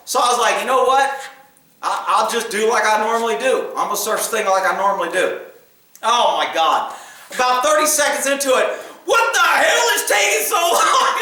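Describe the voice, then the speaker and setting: A middle-aged man telling stories casually, profane and laughing, shouting out the lines he quotes. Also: very high-pitched. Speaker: podcast host telling stories. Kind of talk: casual storytelling. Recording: very echoey room, mic at a distance.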